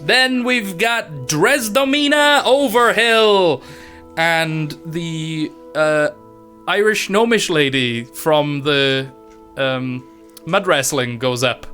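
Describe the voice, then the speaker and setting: DM, bright, slightly high voice, chatty and laughing, soft music under. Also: male voice, slow pace. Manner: chatty, laughs often, loose storytelling. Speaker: dungeon master. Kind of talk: narrating a tabletop game, casual.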